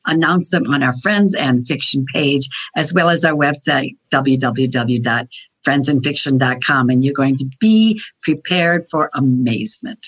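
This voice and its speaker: A woman co-hosting a show, talking in a warm, enthusiastic way during a casual video chat. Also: very deep voice, a little slow. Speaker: co-host.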